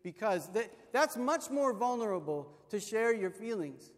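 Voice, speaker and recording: A man's voice: high-pitched, very animated, a little slow. A middle-aged man preaching a sermon as pastor, telling stories and punching his key points with emphasis. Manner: storytelling with acted voices, punchy emphasis. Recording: long hall reverb.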